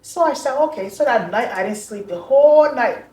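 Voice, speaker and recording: A woman telling a personal story as an interview guest, animated and acting out the voices she quotes. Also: fairly high pitch, fairly quick. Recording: echoey room, far from mic.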